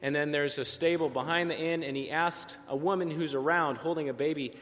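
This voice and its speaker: A man preaching a Christmas sermon, telling a story gently and dropping softer for quieted moments. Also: a little high, steady tone, brisk, few pauses. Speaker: pastor. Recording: long church reverb.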